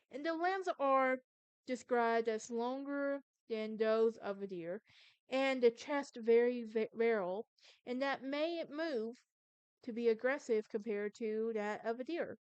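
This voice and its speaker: A woman's voice: on the high side, clean tone, no echo. A young woman from Alabama with a Southern accent, hosting a casual solo podcast and chatting through a story, often stumbling and correcting herself. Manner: chatty, self-correcting, stumbles over words. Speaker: podcast host.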